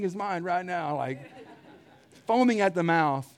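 Animated preacher with a slightly high voice. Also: male voice, normal speed. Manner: animated storytelling, frequent throat clearing. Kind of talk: sermon.

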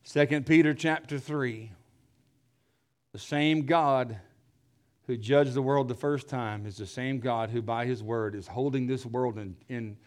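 A man preaching a fiery sermon, rising to shouts and dropping to hushed tones, repeating phrases and firing rhetorical questions. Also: steady tone, measured pace. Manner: swings from loud emphatic shouting to low hushed tones.

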